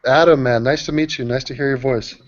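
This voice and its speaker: A man hosting a casual group video call, talking in an animated, profane, rambling way. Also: medium pitch, brisk. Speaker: host. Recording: dull lo-fi call audio.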